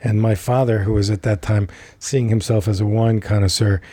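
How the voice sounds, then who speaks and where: A man's voice: lowish voice, fairly even intonation, moderate pace, dark tone, husky, no echo. A man, a podcast guest, animatedly telling a vivid anecdote. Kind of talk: anecdotal storytelling.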